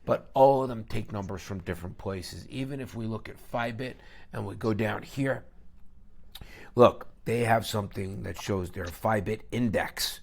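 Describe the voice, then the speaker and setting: Gravelly, emphatic man lecturing on a stream. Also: fairly low pitch, a little slow. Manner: emphatic, lecturing, keeps asking "okay?"; blunt and scornful. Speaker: crypto trading streamer. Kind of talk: live-stream trading talk.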